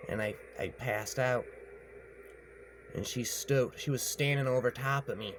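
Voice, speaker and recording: A man's voice: medium pitch, measured pace, pauses often, noisy background. A man telling a rambling story aloud, often repeating himself and tagging lines with "man". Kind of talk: rambling spoken horror story.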